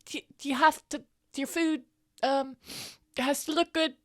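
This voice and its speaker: High-voiced woman reacting as a player. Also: steady tone, a little slow. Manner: short giggly reactions. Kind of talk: casual play reactions.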